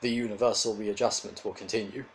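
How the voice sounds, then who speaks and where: A man voicing a cold, lifeless ancient male robot with a cultured rasp, speaking flatly and quietly. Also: fairly low pitch, fast talker, slight background noise, lightly acted, poor audio.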